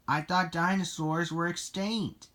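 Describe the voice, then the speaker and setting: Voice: medium pitch, steady tone, measured pace, a bit bright, pitched above the performer's own voice, natural voice. A reader voicing a startled, flustered farmer father in a storybook reading, with a sputtering delivery.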